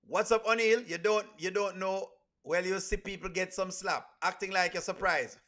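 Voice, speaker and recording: A man with a Jamaican accent giving animated, teasing reaction commentary and talking about himself in the third person. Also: high voice, moderate pace. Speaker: reaction video host. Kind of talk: casual comedic reaction commentary.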